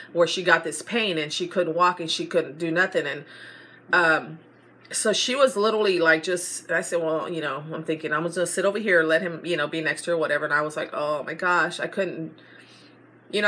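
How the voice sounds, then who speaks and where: A woman's voice: lowish voice, pushed and bright. A middle-aged woman, chatting casually to her viewers and rambling through a personal story with lots of fillers. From Texas. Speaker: vlogger. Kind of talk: casual chat to camera.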